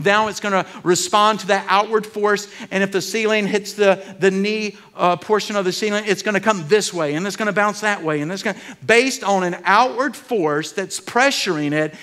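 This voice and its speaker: Bright-voiced, high-pitched preaching man. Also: moderate pace, few pauses. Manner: emphatic preaching, rising on key phrases. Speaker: pastor. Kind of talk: sermon. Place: church sanctuary.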